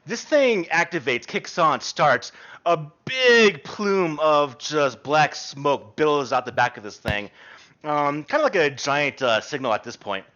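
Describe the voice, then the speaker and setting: A man's voice: on the high side, expressive, unhurried, sharp tone, highs cut off. A man narrating a tabletop role-playing game as game master, describing scenes with frequent fillers.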